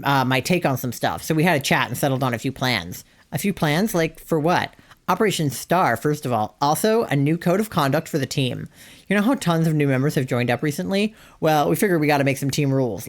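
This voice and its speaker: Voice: medium pitch, lively intonation, a little fast, lightly acted. A streamer voicing a young male gang boss from a video game, easygoing and a little reluctant. The lines are read out plainly, close to an everyday speaking voice. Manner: reads game dialogue aloud in a plain voice.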